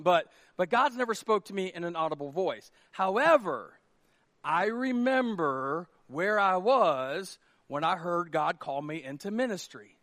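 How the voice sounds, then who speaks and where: Pastor guy preaching, kinda high voice, jokey and animated, dry sound. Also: no echo. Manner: lively, self-mocking, acts out quotes. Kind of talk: sermon. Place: church worship hall.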